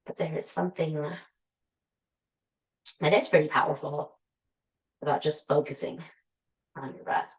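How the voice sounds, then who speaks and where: A woman guiding a yoga flow, her voice on the lower side as she steadily calls out poses and breaths. She drifts into easygoing, laughing asides between cues. The sound carries the echo of a roomy space. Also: level tone, brisk, pauses often. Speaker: yoga instructor. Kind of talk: guided yoga class cueing. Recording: echoey room.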